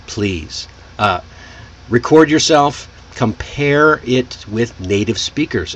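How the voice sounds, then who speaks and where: An American man teaching English pronunciation, slowly explaining and demonstrating example phrases. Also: medium pitch, husky. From United States. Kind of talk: pronunciation lesson.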